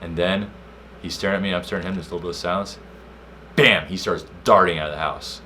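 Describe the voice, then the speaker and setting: A young man co-hosting a casual podcast, telling a story with slang and loud acted-out quotes. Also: sits low, racing, a little hiss or hum. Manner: animated storyteller, slangy, acts out quotes loudly. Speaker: podcast co-host.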